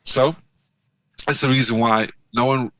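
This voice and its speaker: A man's voice: mid-range voice, fairly even intonation, measured pace, fairly bright tone, dry recording, poor audio. A man talking as a podcast guest in casual chat, rambling and fervent, with many restarts and sarcastic asides.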